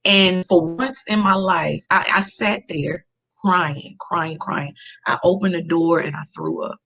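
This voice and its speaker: A woman's voice: lowish voice, a little slow, gravelly, fairly bright tone. A woman, a podcast guest telling a personal story in an earnest, emphatic way and repeating key phrases.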